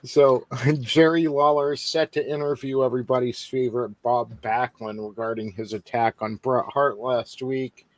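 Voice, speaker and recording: A man's voice: mid-range voice, fairly even intonation, moderate pace. A man hosting a podcast, wry and grumbling in casual chat as he reviews old shows. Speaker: podcast host.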